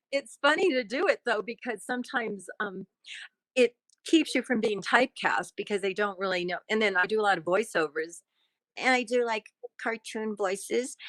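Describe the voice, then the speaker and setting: A woman's voice: medium pitch, pushed and bright, no echo. A middle-aged woman, an actress being interviewed, chatting casually and laughing often. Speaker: actress and guest.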